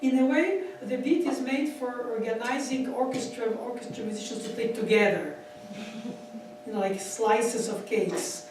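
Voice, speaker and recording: A man giving a piano masterclass, animated and laughing as he counts beats aloud. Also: very high voice, moderate pace, a little hiss or hum. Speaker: piano teacher. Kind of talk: masterclass instruction. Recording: echoey hall from far off, piano. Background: piano playing.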